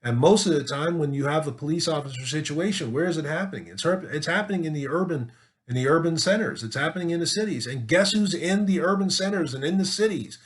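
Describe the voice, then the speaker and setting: A man's voice: on the high side, animated, fast talker. Emphatic man arguing his point. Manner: emphatic, repeats words, rhetorical questions. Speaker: political commentator. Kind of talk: opinion monologue to camera.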